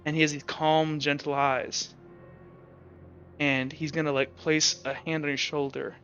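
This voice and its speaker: Man GM, casual rambling narrator, bright higher voice, muffled lo-fi mic. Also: level tone, measured pace, faint music behind. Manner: casual, rambling, frequent "like" and restarts. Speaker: game master. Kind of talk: narrating a tabletop game.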